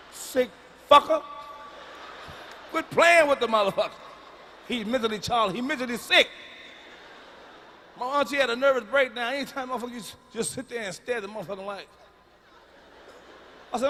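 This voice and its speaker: A man performing a stand-up comedy set, talking in a loud, profane way with hollering bursts. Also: very high-pitched, a little fast. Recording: live hall reverb with faint room noise.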